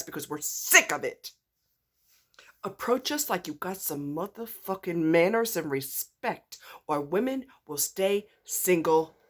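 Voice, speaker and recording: A woman's voice: medium pitch, fairly bright tone. Woman, angry, blunt, swearing, ranting to camera. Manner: fired up, blunt, swearing heavily. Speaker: vlogger. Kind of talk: angry profane rant to camera.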